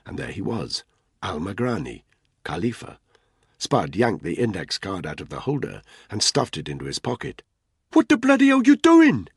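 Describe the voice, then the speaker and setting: Deep, husky male audiobook narrator. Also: dry recording, clean studio sound. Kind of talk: scripted thriller narration.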